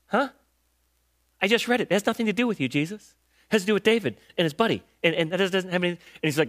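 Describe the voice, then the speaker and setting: A man's voice: high-pitched, lively intonation, quick pace, a bit bright. A man preaching a sermon in a casual, conversational way, retelling Bible stories in slang and quizzing listeners with rhetorical questions. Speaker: pastor.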